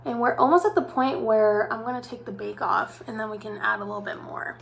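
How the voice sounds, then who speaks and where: A woman's voice: fairly high pitch, fairly even intonation, brisk, gravelly, slight background noise. A chatty young woman doing a live makeup tutorial as a makeup artist, talking directly to her viewers in a bubbly way.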